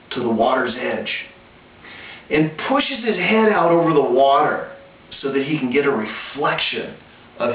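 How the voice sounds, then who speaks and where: A man telling a spiritual parable in a slow, deliberate way with pauses and restarts, recorded through a tinny, echoey line from a distance. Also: fairly high pitch, slight background noise. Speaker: spiritual storyteller. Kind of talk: told parable, spiritual teaching. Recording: tinny far-off echoey lo-fi with faint background.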